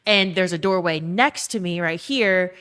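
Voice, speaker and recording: Young woman streamer, profane ranting, reading chat, slightly low pitch. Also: unhurried, fairly bright tone, a little hiss or hum. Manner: ranting, profane, reads chat messages aloud. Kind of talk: casual live-stream chat. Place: her own emptied bedroom.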